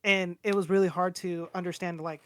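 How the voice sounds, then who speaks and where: A man's voice: high voice, flat delivery, fairly quick, fairly bright tone, dry recording, clean studio sound. A man in his twenties chatting casually on a podcast, rambling and candid, swearing freely as he talks. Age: 20s. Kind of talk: casual chat.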